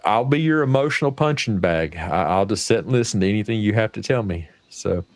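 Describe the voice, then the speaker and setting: Folksy, low-voiced American man hosting a stream. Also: animated, a little fast, no echo. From United States. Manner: folksy, profane and rambling. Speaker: livestream host. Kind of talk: casual livestream chat.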